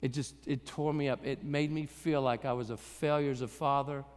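A man's voice: mid-range voice, fairly even intonation, normal speed, clear, resonant tone. A middle-aged man, a pastor, preaching a sermon in a conversational, joking way that builds to emphatic passages. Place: church service hall. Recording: live sermon with long hall reverb.

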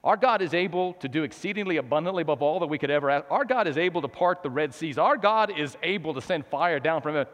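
A man preaching a sermon, swinging between hushed lines and shouted emphasis. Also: on the high side, animated, quick pace. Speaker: pastor. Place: church sanctuary. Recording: long hall reverb.

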